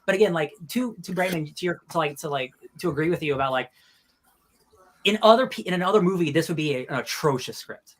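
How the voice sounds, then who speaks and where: A podcast co-host talking quickly and excitedly about a film, full of fillers. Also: medium pitch. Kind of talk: casual film discussion.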